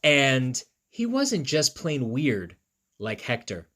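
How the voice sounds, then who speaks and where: A male school teacher reads a picture book to children, talking straight to them, chatting as he goes, making playful asides and counting along. His mid-range voice is sing-song, a bit bright, and slow.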